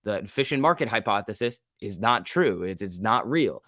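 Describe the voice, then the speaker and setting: A young man hosting a live stock market stream, talking casually and excitably, swearing freely and reading chat aloud. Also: lowish voice, moderate pace, no echo, studio quality. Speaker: stock market livestream host.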